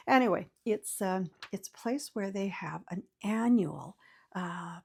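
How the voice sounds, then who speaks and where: A woman's voice: mid-range voice, animated, unhurried, vocal fry, husky. An older woman, host of her own channel, giving casual, folksy advice to camera with many fillers and restarts.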